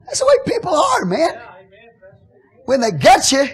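A man preaching a sermon as pastor, swinging from hushed, conversational asides to loud, shouted declarations. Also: very high voice, wildly swooping pitch, measured pace.

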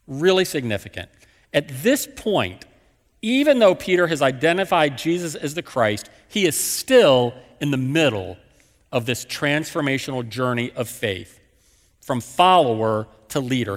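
A man's voice: mid-range voice, sing-song, normal speed, big-room sound. A man preaching a sermon as a pastor, telling the story with emphatic, repeated phrases.

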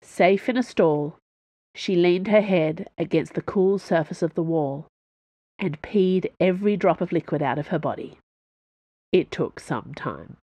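A woman's voice: fairly low pitch, unhurried, warm tone, no room sound. A woman reading a novel aloud as an audiobook narrator, telling it steadily. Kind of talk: scripted narration.

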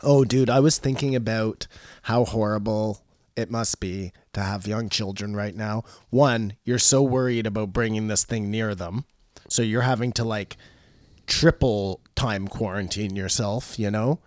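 A middle-aged man with a mid-range voice chats on a podcast, blunt and emphatic, dropping swear words without pause. The recording is dry and close. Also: on the low side, fairly even intonation, darkish tone, dry recording. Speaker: podcast co-host. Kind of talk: casual chat.

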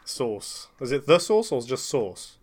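A man's voice: mid-range voice, sing-song, unhurried. A man playing a tabletop game in casual, self-deprecating chat. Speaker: player.

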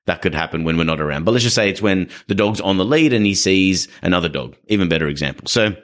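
Deep-voiced man explaining dog training. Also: expressive, fast talker. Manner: explanatory, acts out quoted people. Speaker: podcast host, dog trainer. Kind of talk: casual podcast chat.

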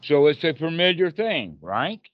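A man's voice: fairly high pitch, big pitch swings, unhurried, no room sound. A man teaching Buddhist meditation on a group video call, playful and encouraging as he acts out inner dialogue. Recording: dull lo-fi call audio.

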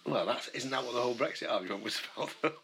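A man's voice: mid-range voice, lively intonation, racing, background noise. A British man co-hosting a podcast in casual banter, teasing, swearing and laughing often. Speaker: podcast co-host.

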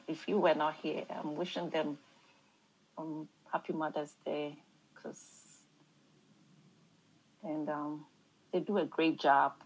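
A woman with an African accent leads a church Bible study discussion. She talks haltingly, repeating words and searching for the right ones, then reads scripture aloud. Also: low voice, a bit bright, poor audio.

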